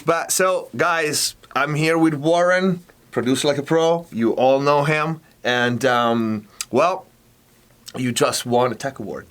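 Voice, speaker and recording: A man's voice: fairly high pitch, slow pace, a bit bright. A man hosting a casual interview, giving brief, friendly, encouraging replies. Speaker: interview host.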